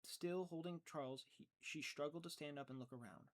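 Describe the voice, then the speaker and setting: Man reading an audiobook aloud, slightly high. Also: brisk. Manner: earnest, with frequent stumbles and restarts. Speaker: audiobook reader. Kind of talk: audiobook narration.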